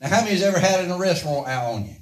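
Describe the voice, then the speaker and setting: A man's voice: sits high, expressive, very fast. A man preaching a sermon in a folksy way, quizzing his congregation with rhetorical questions. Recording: echoey room from a distant mic.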